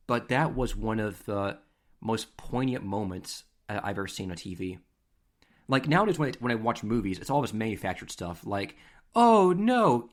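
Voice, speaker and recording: A man hosting a podcast, telling stories in a casual, animated, conversational way. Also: on the low side. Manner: animated, conversational, acts out scenes. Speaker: podcast host. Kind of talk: casual storytelling.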